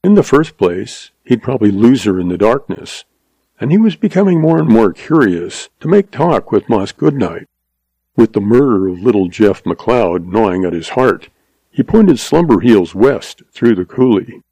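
A man narrating a western audiobook in a steady storytelling voice. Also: lowish voice, normal speed, breathy edge, no echo, low-quality recording.

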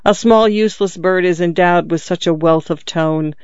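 A man's voice: sits high, normal speed, smooth, no room sound, muffled recording, lightly acted. A man voicing a skeptical, grumbling elderly father who likes to philosophize in a dry manner. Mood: philosophizing.

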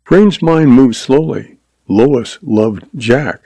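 A man narrating a western story in a measured, dramatic reading. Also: mid-range voice, warm tone, no room sound, poor audio.

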